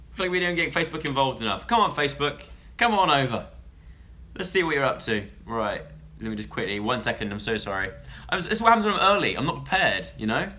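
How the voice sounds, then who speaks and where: A man's voice: mid-range voice, pushed and bright. A young man from England chatting casually on a live stream, rambling and interrupting himself as he talks to viewers.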